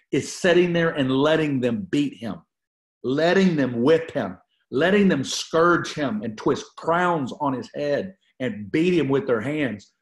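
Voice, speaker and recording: In a reverberant space, a man with a medium-pitched voice teaches a Bible study. He reads scripture aloud and then preaches on it as a teaching sermon, repeating phrases for emphasis.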